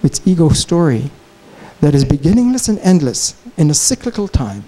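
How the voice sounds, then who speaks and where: A man giving a conference keynote lecture, telling a story in an animated, digressive way. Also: fairly high pitch, moderate pace, poor audio. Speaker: keynote speaker. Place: conference hall, Chicago.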